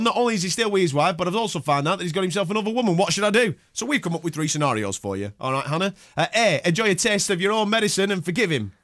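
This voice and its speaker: A man hosting a radio breakfast show, quick, chatty and jokey on a studio microphone. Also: fairly high pitch, a bit bright, no room sound. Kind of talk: casual radio banter.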